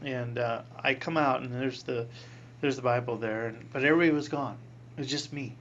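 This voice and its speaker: A man in his sixties, a priest, telling a personal story in an interview, animated, acting out voices and laughing often. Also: mid-range voice, brisk, dull audio, a little hiss or hum.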